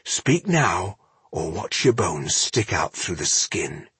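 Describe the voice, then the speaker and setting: A man's voice: low-pitched, very animated, slow, sharp tone, breathy edge, no echo, exaggerated voice. A man voicing a stern male dwarf who gives firm orders and cold threats in an audiobook. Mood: threatening.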